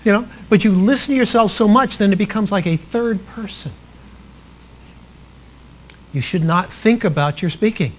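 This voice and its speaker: A man coaching trainees on public speaking in a live workshop talk, animated and expressive, swinging between loud and soft for emphasis. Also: high voice, normal speed, long pauses, a little hiss or hum. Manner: animated and expressive, acts out quotes.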